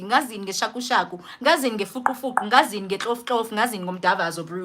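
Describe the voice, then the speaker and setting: Animated young South African woman vlogger. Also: mid-range voice, quick pace, hardly any pauses. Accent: South African, mixing in Zulu. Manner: animated, slangy, code-switching, expressive. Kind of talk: casual storytime vlog.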